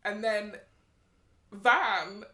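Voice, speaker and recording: A woman co-hosting a podcast, telling stories in a lively way and acting out the quotes. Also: medium pitch, extremely slow. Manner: animated storytelling, acts out quotes. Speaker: podcast co-host. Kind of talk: casual chat. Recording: roomy echo.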